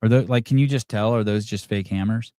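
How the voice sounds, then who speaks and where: A man's voice: lowish voice, a little fast, warm tone, dry recording, clean studio sound. A man hosting a livestream podcast, swearing heavily and mocking a caller in a combative rant. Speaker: podcast host. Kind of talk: heated livestream chat.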